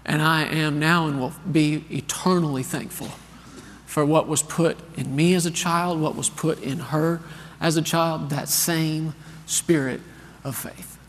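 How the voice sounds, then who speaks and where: A man's voice: on the high side, measured pace, big-room sound, a little hiss or hum. A man in his thirties preaching a sermon, telling a story and calling on the congregation to answer back. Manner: storytelling, animated and earnest, calls for responses. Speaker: pastor. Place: large church hall.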